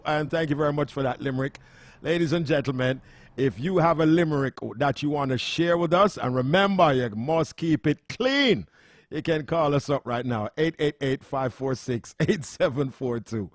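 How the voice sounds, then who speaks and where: A man's voice: on the high side, moderate pace, no echo, studio quality. A man hosting a casual afternoon radio show, bantering and laughing with his producer. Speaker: radio host.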